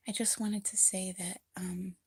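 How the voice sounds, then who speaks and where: A woman talking in a casual, confessional way, feeling low and emotional, soft-spoken and rambling with many pauses, often dropping into a breathy near-whisper. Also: no echo. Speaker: vlogger.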